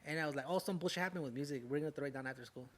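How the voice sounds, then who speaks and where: Talking very fast in a slightly high, somewhat bright voice, a young rapper from Southern California recounts a story as a podcast guest. It's all casual, profane street slang, sprinkled with the tag words "way" and "fool."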